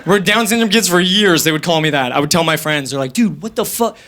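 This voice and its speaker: Lively high-voiced young man doing stand-up. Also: fast. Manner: rambling, loose, profane. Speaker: stand-up comedian. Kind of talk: stand-up comedy. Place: comedy stage before a live audience.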